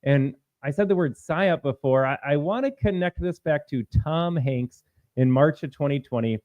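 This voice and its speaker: A man's voice: a little high, moderate pace, dry recording, phone-quality sound. A man hosting a live-streamed political commentary show, talking combatively and reading out viewer comments. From Minnesota.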